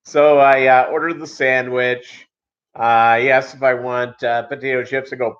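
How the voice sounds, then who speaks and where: Male channel host, rambling casual chat, lots of fillers, muffled recording. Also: mid-range voice. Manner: rambling, halting, many fillers and restarts. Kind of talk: casual live-stream chat. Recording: dull lo-fi audio.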